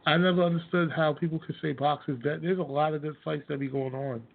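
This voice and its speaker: Blunt profane male sports host, gravelly, slightly high voice, phone-thin sound. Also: fairly even intonation, quick pace. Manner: blunt, profane, laughs at opinions he mocks. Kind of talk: casual sports rant. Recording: tinny phone-like audio.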